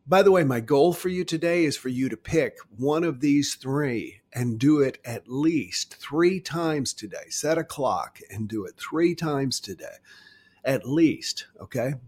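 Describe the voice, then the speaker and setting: A middle-aged man gently coaching listeners through a stress-relief exercise in a guided self-help talk. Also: on the high side. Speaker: wellness guide.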